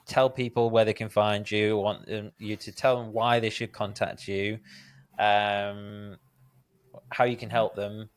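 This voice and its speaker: A man's voice: on the low side, little pitch movement, measured pace, clean tone. A man hosting a podcast, chatting casually and rambling with filler words. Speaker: podcast host. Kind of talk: casual conversational interview.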